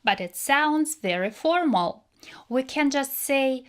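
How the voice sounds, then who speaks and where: A woman teaching a grammar lesson, explaining slowly and clearly and acting out example phrases. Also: high voice, lively intonation. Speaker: English teacher.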